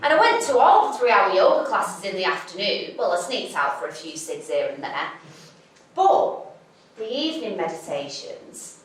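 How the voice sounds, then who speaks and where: A woman's voice: medium pitch, sing-song, normal speed. A young woman with a Mancunian accent tells a comic stage story, blunt, sweary and self-mocking. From Manchester, England. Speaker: stand-up storyteller. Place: theatre stage. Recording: echoey theatre from a distance.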